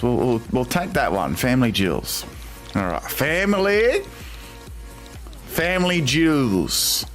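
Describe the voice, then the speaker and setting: A man's voice: mid-range voice, big pitch swings, slow, pauses often, fairly bright tone, faint music behind. A young Australian man streaming live, reading viewer chat aloud and reacting with amused disbelief.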